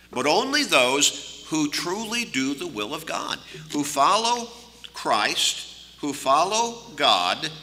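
A male preacher delivering a sermon with an emphatic, pressing manner. His tone is very bright and forceful, and his pitch swings widely. The voice rings out with a long reverb, as if in a large hall. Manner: emphatic, preachy, repeats words when stressing a point.

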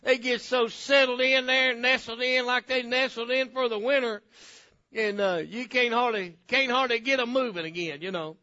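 Folksy preacher, animated, loud then hushed, piercingly bright tone. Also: male voice, very high voice, moderate pace, dull audio. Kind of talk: sermon.

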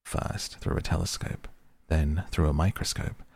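A man reading a storybook aloud in a calm, even manner. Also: extremely low pitch, a little slow, creaky, slightly rough, no room sound. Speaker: narrator. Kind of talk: audiobook reading.

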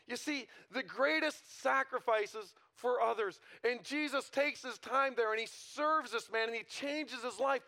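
A man's voice: very high-pitched, measured pace, vocal fry, few pauses, bright, forceful tone. A male pastor preaching a conversational sermon in a church, often asking the congregation rhetorical questions.

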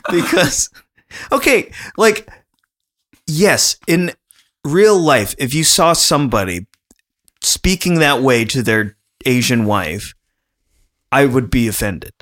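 A man's voice: medium pitch, expressive, slow, pauses often, a bit bright. A man co-hosting a casual podcast, talking in a chatty, rambling way and laughing often. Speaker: podcast co-host.

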